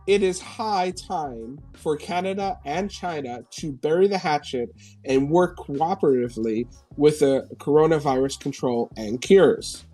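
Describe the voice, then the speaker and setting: A man's voice: on the high side, a little mellow. Man, New York-raised live-stream host; sarcastic and foul-mouthed, laughs through headlines, faint music underneath. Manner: sarcastic, profane, laughs often while reading headlines. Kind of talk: casual live-stream news commentary. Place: home.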